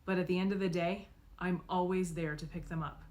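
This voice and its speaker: A woman narrating a novel in the first person, expressive and acting out the dialogue. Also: fairly low pitch, a little fast. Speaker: audiobook reader.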